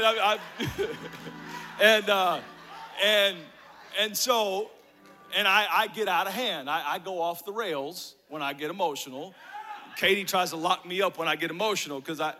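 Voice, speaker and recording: Rambling, animated storytelling dad. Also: male voice, high voice, brisk, soft background music. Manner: rambling, animated, emotional storyteller with many restarts. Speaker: father telling a story. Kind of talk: storytelling comedy set.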